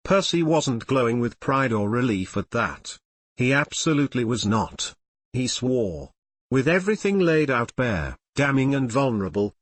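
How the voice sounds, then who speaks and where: A male narrator reads fan fiction aloud with a lively, swinging pitch. His voice sits in a middle register and sounds dry and close to the mic. The telling is animated and storytelling. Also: dry recording. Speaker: audiobook reader.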